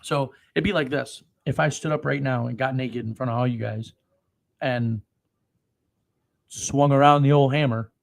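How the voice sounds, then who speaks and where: Gravelly-voiced profane male preacher. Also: medium pitch, fairly even intonation. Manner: profane, swings between slow solemn reading and loud outbursts. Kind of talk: scripture reading with crude live commentary.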